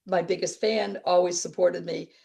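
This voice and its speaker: A middle-aged woman comedian telling stories as an interview guest, lively and wisecracking, laughing easily as she talks. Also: fairly low pitch, moderate pace, vocal fry. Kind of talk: casual storytelling interview.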